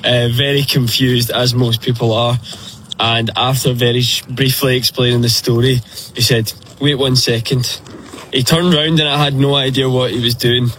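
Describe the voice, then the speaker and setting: A man's voice: mid-range voice, flat delivery, normal speed, a bit bright, a little hiss or hum, low-quality recording. A man from Scotland walking across the country, recounting an encounter in a travel vlog. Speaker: long-distance walker.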